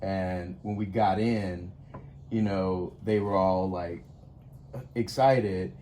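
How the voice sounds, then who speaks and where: A man's voice: low voice, fairly even intonation, slow, warm tone, a little hiss or hum. A man in casual conversation on a porch, frank and playful, with a blunt, outspoken way of talking. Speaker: podcast host. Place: outdoors on a porch.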